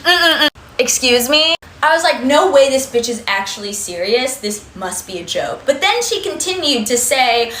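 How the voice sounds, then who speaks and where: A woman's voice: sits high, very animated, normal speed, fairly bright tone. A young woman telling a story to camera in a blunt, sarcastic way, swearing often. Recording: echoey room with faint noise.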